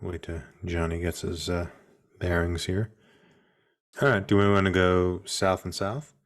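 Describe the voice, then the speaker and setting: A man with a very low, deep voice chats casually while he plays a text adventure with friends. He thinks aloud about each move and slips jokes in along the way. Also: flat delivery, measured pace. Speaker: player.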